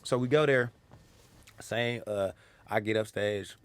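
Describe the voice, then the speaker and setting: A man's voice: on the low side, unhurried, clean tone, dry recording. A young man, a comedian, telling stories from his life in a casual chat, acting out the lines of people in them. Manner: animated, acts out quoted lines. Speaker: comedian guest.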